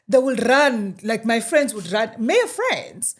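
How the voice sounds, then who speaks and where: An animated South African woman in her thirties shares her story as a podcast guest. She switches easily between English and Zulu phrases and acts out the voices of the people she quotes. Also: a little high, measured pace. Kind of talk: casual storytelling interview.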